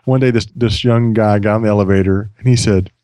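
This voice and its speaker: A man's voice: on the low side, steady tone, brisk, mellow, dry recording, studio quality. A man in his thirties co-hosting a podcast. He tells stories animatedly and laughs often. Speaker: podcast co-host. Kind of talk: casual chat.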